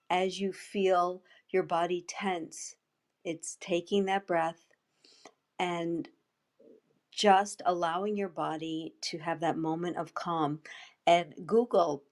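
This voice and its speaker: A woman with a fairly low voice, speaking as a guest in a chat room. She talks in a thoughtful way and tells stories from her own work. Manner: thoughtful, storytelling. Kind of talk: casual talk in an audio chat room.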